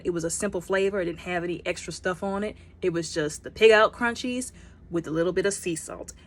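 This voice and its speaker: A woman giving a casual, rambling snack review, talking fast and often repeating herself. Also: fairly low pitch, a bit bright. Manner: talks fast.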